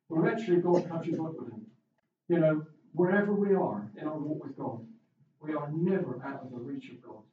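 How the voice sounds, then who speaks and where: A male preacher with a fairly high voice delivers a chatty sermon, putting questions to his listeners and dropping in light asides. He is heard from a distance in a very echoey room, and the sound is dull and muffled. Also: slight background noise. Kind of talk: conversational sermon.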